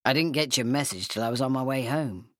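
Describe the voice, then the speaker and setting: A woman reading a story, voicing a soft, earnest young man in love. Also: a bass voice, brisk, dry recording, studio quality.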